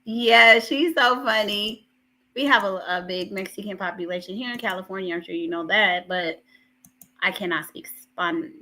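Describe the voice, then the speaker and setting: A woman hosting a livestream, chatting in an unhurried way and thinking aloud. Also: a little high, sharp tone. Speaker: livestream host. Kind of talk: casual livestream chat.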